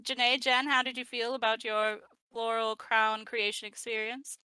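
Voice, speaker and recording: Woman host, bright dry close voice, playful and giggly, chatty stream sign-off. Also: on the high side, flat delivery, moderate pace, smooth, no room sound, poor audio. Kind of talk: casual chat.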